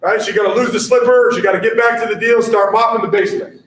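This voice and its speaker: A man giving an energetic basketball coaching talk at a conference, punchy and repetitive, checking in with "all right?" all the time. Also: high-pitched, fast talker, a little hiss or hum. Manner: energetic, punchy, repeats catchphrases, keeps asking "all right?". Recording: echoey room audio from a distance.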